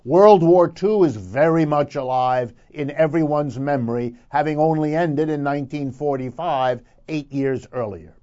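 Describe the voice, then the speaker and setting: A man's voice: a little high, mellow, muffled recording. A man giving a radio commentary segment, emphatic and lecturing, building his points through repetition. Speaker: economic commentator.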